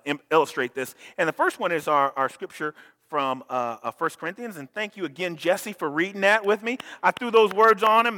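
A man preaching a sermon as pastor in a church, animated, with many restarts and questions thrown to the congregation. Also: sits high, long reverb tail. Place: church sanctuary.

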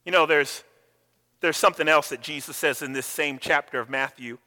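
A man's voice: fairly high pitch, fairly even intonation, moderate pace, pauses often, bright, forceful tone, long reverb tail. A man preaching a sermon as pastor, emphatic and repeating his words, calling on the congregation to answer back.

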